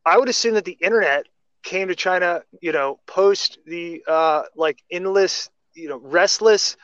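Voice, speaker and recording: Guy rambling on a podcast, kinda high voice, muffled and dry. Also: measured pace, a bit bright, clean tone, no echo. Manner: rambling, many restarts and tangents. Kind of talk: casual podcast chat.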